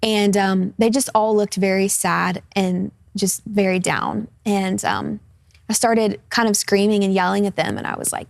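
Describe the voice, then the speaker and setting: Gravelly young woman sharing a testimony. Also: medium pitch, fairly even intonation, measured pace, no echo. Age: 20s. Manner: earnest, casual, with frequent fillers. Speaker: guest. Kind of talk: personal testimony in a studio interview.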